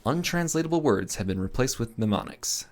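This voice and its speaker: A translating machine announces its work in a flat, procedural manner, as a man reading the story puts it on. Plain and matter-of-fact. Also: mid-range voice, brisk, close to an everyday voice.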